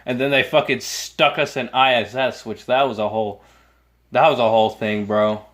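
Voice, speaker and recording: A man's voice: mid-range voice, fairly even intonation, moderate pace, fairly bright tone. A young man in casual chat who chimes in with profane jokes as co-host. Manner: joking, interjecting, profane.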